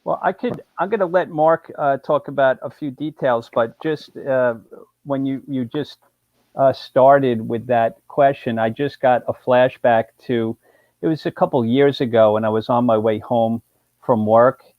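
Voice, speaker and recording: Lively lawyer telling a story. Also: male voice, mid-range voice, unhurried, no room sound, phone-quality sound. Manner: animated storyteller, acts out phone calls. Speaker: attorney. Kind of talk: casual storytelling on a live show.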